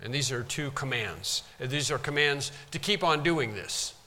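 A man's voice: mid-range voice, lively intonation, moderate pace, pushed and bright. A man preaching a sermon, teaching from a Bible passage with emphatic repetition. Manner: emphatic, repeats for stress. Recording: long hall reverb.

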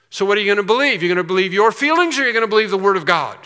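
A man's voice: high voice, lively intonation, racing, sharp tone. A man preaching a sermon as pastor, emphatic, repeating phrases and rising on key points. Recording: reverberant hall.

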